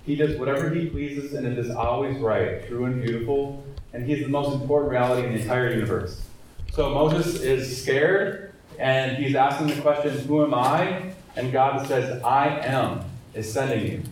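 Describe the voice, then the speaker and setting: A man's voice: medium pitch, steady tone, moderate pace, far from the mic, slight background noise. A man in his thirties leads a church training session. He reads scripture and explains it in an earnest, casual way. His voice comes from across a very echoey room, well away from the mic. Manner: casual and earnest, with fillers and restarts. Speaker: evangelism trainer.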